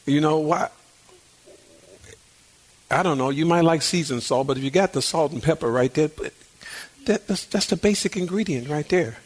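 An older man preaching a sermon in a folksy, conversational way, repeating himself and building in fervor. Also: fairly high pitch. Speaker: pastor.

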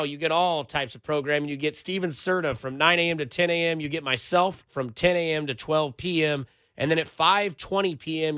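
Bright-voiced, energetic sports radio host. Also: male voice, on the high side, clear, resonant tone, dry recording, clean studio sound. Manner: energetic, joking, riffing. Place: radio studio.

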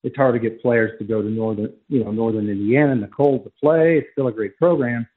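A man's voice: medium pitch, a little fast, breathy edge. A man calling in as a college football writer, giving emphatic, argumentative analysis on sports radio over a phone line.

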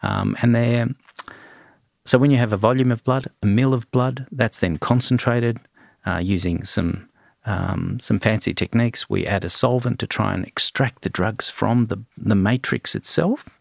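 A middle-aged man, a forensic toxicologist answering interview questions in a measured way, with frequent ums and restarts. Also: on the low side, creaky, no room sound, studio quality.

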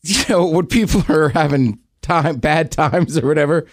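A man's voice: a little high, normal speed, no echo, studio quality. A man co-hosting a podcast in casual chat, easygoing and supportive. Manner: easygoing, supportive listener with lively intonation. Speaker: podcast co-host.

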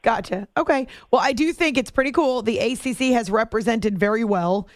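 Clear-voiced woman sports radio host. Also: fairly quick, no room sound, studio quality. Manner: playful, tries high movie-villain shouts. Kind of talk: casual sports radio chat.

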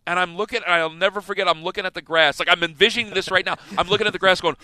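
A man in his thirties hosting sports radio, telling a story in a casual, animated way and acting out the scenes. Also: high voice, rapid-fire, smooth. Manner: animated, laughing storyteller who acts out scenes.

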